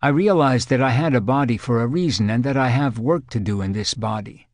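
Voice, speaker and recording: A man reading an audiobook, voicing a frightened woman in her thirties who recalls a terrifying experience in halting, earnest words. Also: medium pitch, no room sound, studio quality, close to an everyday voice. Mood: shaken. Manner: shaken, halting, earnest recollection.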